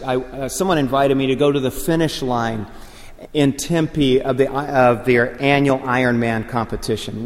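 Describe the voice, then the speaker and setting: A man preaching a sermon, telling stories and rising to loud, excited proclamations. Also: mid-range voice. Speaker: pastor. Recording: long hall reverb.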